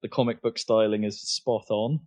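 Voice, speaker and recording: This co-host speaks at normal speed in a low, steady, somewhat mellow voice with no room sound, chatting casually on a podcast. He is hesitant, with lots of fillers and restarts, and the audio is dull lo-fi.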